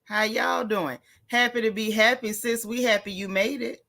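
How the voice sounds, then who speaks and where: Lady livestream host, kinda high bright voice, chatty, shouting out viewers by name. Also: steady tone, moderate pace. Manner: warm, chatty, greets viewers by name with Southern slang. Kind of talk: casual livestream chat greeting viewers.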